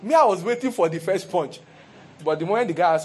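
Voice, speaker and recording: A pastor preaching a sermon in an animated, humorous way, full of rhetorical questions. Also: male voice, sits high, quick pace, a little hiss or hum.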